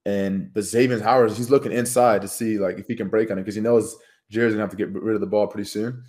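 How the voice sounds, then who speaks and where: A young man in his twenties, co-hosting a podcast in relaxed, slangy and profane casual chat. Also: on the low side, fast. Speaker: podcast co-host.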